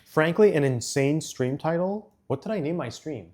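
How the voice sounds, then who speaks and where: A man streaming casual chat while building a model set, rambling with frequent fillers and quick laughs. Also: fairly high pitch, animated, darkish tone.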